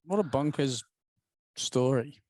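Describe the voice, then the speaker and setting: Blunt, swearing host. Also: male voice, medium pitch, takes it slowly, a little mellow, no room sound. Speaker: interviewer, host. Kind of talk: casual interview chat.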